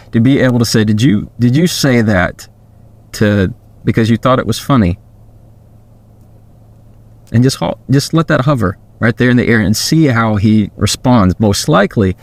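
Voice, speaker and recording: A man's voice: medium pitch, gravelly. A man, hosting a podcast and giving earnest, direct advice into a podcast microphone. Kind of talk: casual advice talk.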